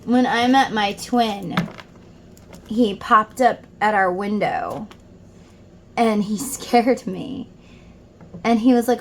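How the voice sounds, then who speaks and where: A woman's voice: medium pitch, measured pace, slight background noise. A woman giving a casual tarot reading at home, chatting and reading song lyrics aloud between her explanations. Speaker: tarot reader.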